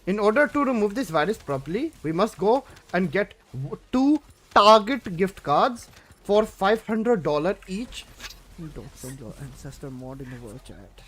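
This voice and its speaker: A man's voice: high-pitched, sing-song, a little slow, a bit bright, heavily acted. A man voicing a pushy male tech-support scam caller with a put-on Indian English accent and stiff, wheedling phrasing. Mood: low scheming. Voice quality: formal broken phrasing, wheedling.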